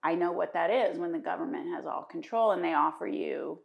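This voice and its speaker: A middle-aged woman, the guest, chatting casually over a meal and telling lively stories, often jumping in. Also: lowish voice, brisk, creaky. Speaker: interview guest.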